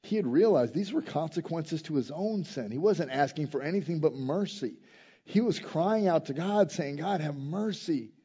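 A man delivers a sermon in a fairly high, mellow voice, dropping into quiet reflection and then climbing to loud, emphatic points. He asks his listeners questions directly. The recording is slightly dull and lo-fi. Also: animated, moderate pace, breathy edge. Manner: swings between quiet reflective passages and loud emphatic rises. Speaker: preacher.

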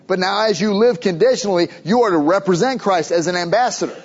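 A pastor preaching a sermon, emphatic, building to urgent questions. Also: male voice, high voice, fast talker, lo-fi sound.

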